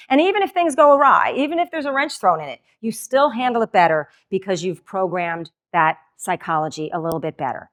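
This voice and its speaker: A middle-aged woman giving a motivational keynote talk in a lively, conversational way, acting out the lines she quotes. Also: a little high, fast talker, hardly any pauses. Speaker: keynote speaker.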